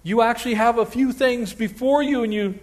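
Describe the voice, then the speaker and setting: A pastor preaching a sermon in an animated way, slipping into quoted voices and playful asides. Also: male voice, very high-pitched, normal speed.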